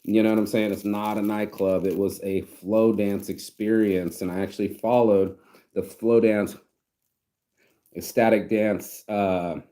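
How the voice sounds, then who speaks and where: A man from the United States telling a story in a casual vlog, animated and slangy, acting out what people said. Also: on the low side, unhurried. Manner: animated slangy storytelling, acts out quoted voices. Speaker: vlogger.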